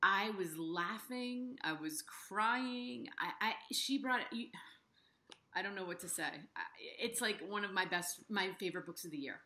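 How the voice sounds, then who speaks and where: A woman's voice: medium pitch, animated, moderate pace, sharp tone. A middle-aged woman interviewing an author, gushing with enthusiasm and tumbling over her own words. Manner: gushing, effusive, talks over herself with restarts. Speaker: interviewer and book reviewer.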